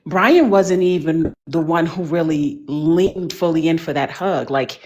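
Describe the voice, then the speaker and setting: Emphatic, slangy woman, lower voice. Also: a little slow, darkish tone. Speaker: panelist. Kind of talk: casual chat.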